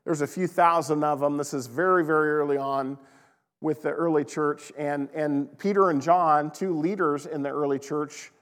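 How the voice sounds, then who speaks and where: A man preaching a sermon as pastor, in a conversational, animated way, laughing now and then. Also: a little high, in a large hall.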